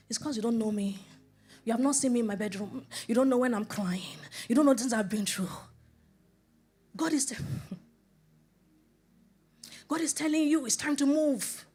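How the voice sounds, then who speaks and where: A woman's voice: medium pitch, brisk, pauses often, a little mellow, husky. A middle-aged woman preacher giving a sermon, acting out scripture quotes and dialogue, asking rhetorical questions over and over and laughing often between her points. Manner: rhetorical questions, repeated for emphasis. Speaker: preacher and life coach.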